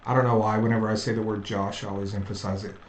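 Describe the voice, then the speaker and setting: A man's voice: on the low side, little pitch movement, rapid-fire. A man co-hosting a casual talk stream, reading news and riffing in a wry, rambling way. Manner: wry, rambling, laughs at own jokes. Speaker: podcast co-host. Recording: roomy with faint noise.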